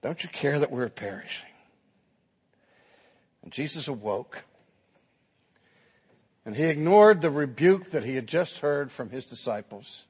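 A man's voice: a little high, slightly rough, long reverb tail. A man preaching a sermon, telling the story dramatically and acting out the quotes.

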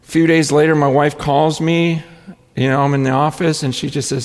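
A man's voice: on the high side, flat delivery, normal speed, long reverb tail. A man in his forties giving a sermon as a guest speaker, earnest and emotional, often repeating words as he talks. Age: 40s.

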